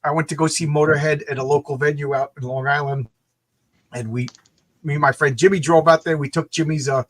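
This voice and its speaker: A man's voice: on the high side, brisk. A man hosting a casual chat, telling an anecdote and acting out the voices of people in it. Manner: animated, acts out voices in anecdotes. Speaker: host.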